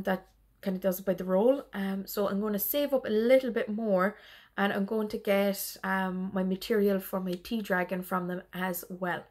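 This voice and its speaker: A woman's voice: medium pitch, creaky. A tired woman chatting casually in a rambling way on her cross-stitch vlog, laughing often. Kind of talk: casual chat.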